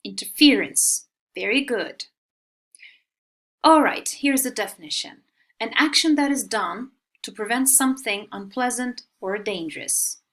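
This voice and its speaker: Slow, clear-spoken woman teaching vocabulary. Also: a little high, animated, a bit bright. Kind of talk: recorded online vocabulary lesson.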